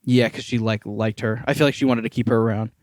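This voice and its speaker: A man's voice: medium pitch, steady tone, fast, dry recording. Young man chatting, dry close mic. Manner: playful, laughs often, acts out scenes in silly voices. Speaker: podcast co-host. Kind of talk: casual chat.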